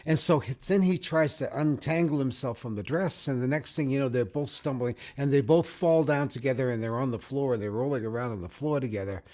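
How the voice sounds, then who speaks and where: A man co-hosting a casual chat show, telling jokes in an animated way and laughing as he goes. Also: medium pitch, a little fast, few pauses. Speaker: co-host.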